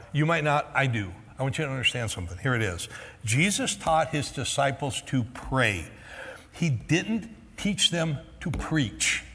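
A middle-aged man preaching a sermon as pastor, animated and joking, his voice going hoarse. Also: on the high side, big-room sound. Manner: animated, joking, acts out quoted reactions. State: losing his voice. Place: church auditorium.

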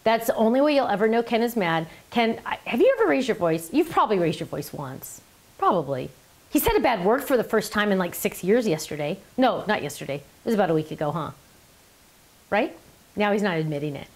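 A woman's voice: medium pitch, sing-song, a little fast, darkish tone. A middle-aged woman hosting a casual live stream, chatty and gushing, often laughing and talking aside to the person behind the camera. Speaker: live stream host showing handmade cards.

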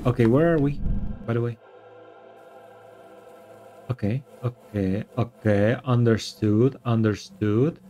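A man streaming a game, excitable and swearing, yelling at the monster and switching between English and Spanish. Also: medium pitch, takes it slowly, long pauses, soft background music. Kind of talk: live gameplay commentary.

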